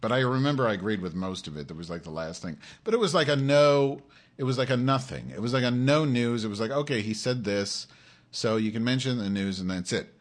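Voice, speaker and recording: A man's voice: medium pitch, a little fast. A man hosting his own live-stream show, in an angry, profane rant aimed straight at his audience.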